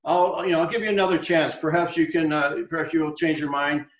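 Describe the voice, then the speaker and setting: A man's voice: sits high, lively intonation, unhurried, fairly bright tone, echoey room, highs cut off, pitched above the performer's own voice. A man voicing the prophet Jonah as a sulky, exasperated grown man who protests and pleads with God. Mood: sulky, scheming.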